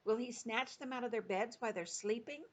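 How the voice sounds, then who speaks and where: A woman's voice: on the high side, brisk, pitched above the performer's own voice, lightly acted. A woman voicing a brave, indignant little girl who talks in an earnest, pleading way.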